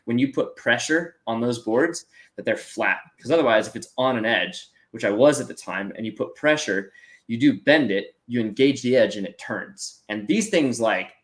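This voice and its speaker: A young American man in his twenties tells a story as an interview guest. His voice sits in a middle pitch, and he keeps it casual and animated. He acts out the voices of people in his story and leans on plenty of filler words. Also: moderate pace. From United States. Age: 20s. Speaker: interview guest, para snowboarder.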